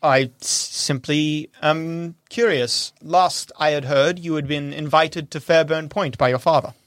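A man's voice: fairly high pitch, steady tone, measured pace, fairly bright tone, dry recording, clean studio sound. A man voicing a formal, reserved butler who speaks with stiff deference. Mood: deferential. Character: formal, reserved male butler, middle-aged.

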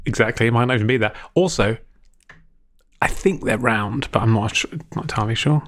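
A man's voice: medium pitch, a little fast, a bit bright. A man co-hosting a comedy podcast, rambling and joking, laughing often as he talks. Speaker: podcast co-host. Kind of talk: casual comedic chat.

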